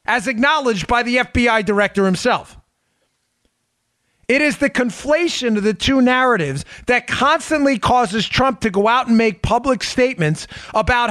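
A man's voice: very high voice, a bit bright, no room sound, clean studio sound. A man hosting a podcast, giving emphatic, sarcastic political commentary and repeating phrases for effect. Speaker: podcast host.

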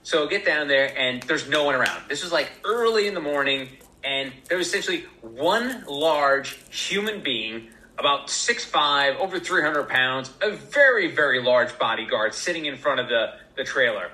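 A man telling a story as a podcast guest in a casual, animated way, acting out the voices of the people in it. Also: fairly high pitch, normal speed, roomy sound, rough recording. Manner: animated, acts out voices in quotes.

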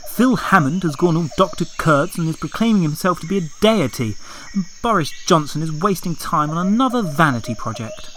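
A man's voice: on the high side, expressive, a little fast, a bit bright, a little hiss or hum, low-quality recording. A man voicing a weary, fed-up woman politician stranded on an island, complaining and swearing.

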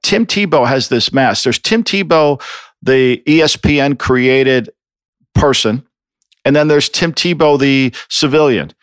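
A man's voice: mid-range voice, fairly bright tone, no echo. Man, sports podcast co-host, heated rant, profane, dry close mic. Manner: ranting, exasperated, profane. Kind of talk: heated sports opinion talk.

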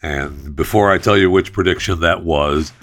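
Speaking at normal speed in a deep, slightly bright voice, a male talk show host reads an ad playfully and loosely, cracking jokes along the way, before shifting to sports news.

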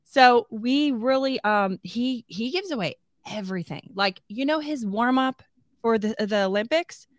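Animated, laughing woman podcast co-host. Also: on the high side, unhurried, dry recording, clean studio sound. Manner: animated, laughs often, quotes herself and her husband. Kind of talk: casual chat.

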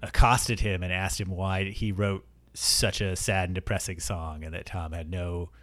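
A man's voice: low voice, little pitch movement, normal speed, fairly bright tone. A man co-hosting a podcast, talking casually about music with frequent ums and restarts. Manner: hesitant, many ums and restarts. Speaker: podcast co-host. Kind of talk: casual chat.

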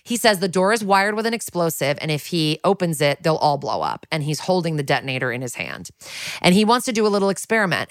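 Podcast co-host, female, deep register, close dry mic, storyteller who acts out the dialogue. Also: brisk, no echo. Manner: animated retelling, acting out quotes, wry asides. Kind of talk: casual recap storytelling.

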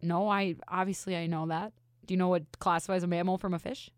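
A woman's voice: lowish voice, flat delivery, fast, no room sound. A woman co-hosting a casual hockey podcast, mock-confident and teasing, on a studio mic. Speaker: podcast co-host.

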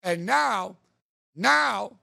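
A man co-hosting a sports talk show in a slightly higher voice, ranting with quick asides. The sound is close and dry, with no room around it. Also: lively intonation, creaky, pushed and bright, no room sound. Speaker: sports podcast co-host.

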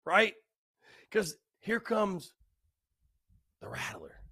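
A man's voice: a little high, expressive, normal speed, sharp tone, no room sound, studio quality. A young man hosting a casual solo podcast, tipsy, rambling and repeating himself. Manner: rambling, repetitive, loose and tipsy. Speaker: podcast host.

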